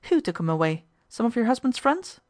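Picture a fearless young American woman cross-examining a suspect in an old storybook, her questions cool and relentless, as a woman reader puts her on. She sits slightly higher than a plain reading voice and carries a firm, commanding edge. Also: very animated, brisk, darkish tone. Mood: pressing. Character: bold, determined young American woman interrogator.

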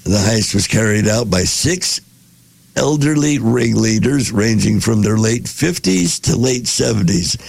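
Male podcast host, husky and raspy, reads then riffs with wisecracks. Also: fairly low pitch, lively intonation, measured pace, darkish tone, dry recording. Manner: reads passages then jokes and reacts. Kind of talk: casual reading aloud with commentary.

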